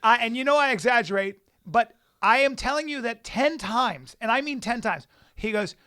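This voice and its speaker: A man's voice: very high-pitched, animated, normal speed, bright, forceful tone, clean tone, dry recording. A man co-hosting a podcast in a studio, telling stories animatedly and swearing freely. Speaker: podcast co-host. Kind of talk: casual chat.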